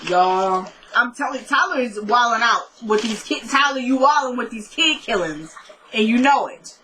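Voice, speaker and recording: A young woman recapping a TV episode in a casual vlog, chatty and excitable, rambling with lots of "like"s. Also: on the high side, normal speed, slight background noise. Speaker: TV show reviewer.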